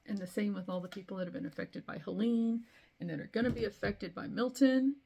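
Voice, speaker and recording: Brief: middle-aged woman, casual craft-channel host, lively storyteller, gravelly texture. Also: medium pitch, quick pace, muffled recording. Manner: chatty, animated storytelling with laughs. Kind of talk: casual chat to camera.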